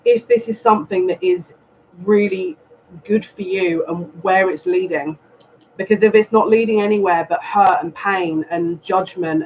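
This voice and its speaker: High-voiced man giving a tarot reading. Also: a little mellow. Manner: earnest, repetitive, advising directly. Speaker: psychic reader. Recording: dull lo-fi sound with faint noise.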